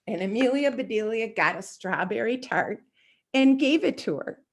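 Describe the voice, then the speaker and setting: A woman reading a children's book aloud, expressive and animated as she speaks to young listeners. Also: medium pitch, normal speed. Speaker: storybook reader.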